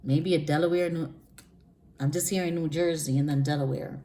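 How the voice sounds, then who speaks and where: Woman, spiritual reader, lowish voice, loose rambling delivery with restarts. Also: fairly even intonation, brisk, warm tone, slight background noise. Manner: rambling, chatty, frequent restarts; laughs often between phrases. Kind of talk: casual spiritual vlog talk.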